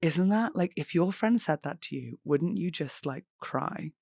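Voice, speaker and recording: A young woman hosting a podcast, telling stories in a giggly, animated way and swearing casually. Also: deep voice, a little slow, gravelly, dry recording, studio quality. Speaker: podcast host and comedian. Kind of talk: casual chat.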